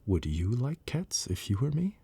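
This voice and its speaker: A man voicing a touchy little mouse in a bedtime storybook reading, in whispered role-play, shrill and indignant. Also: animated, a little slow, dark tone, breathy edge, heavily acted.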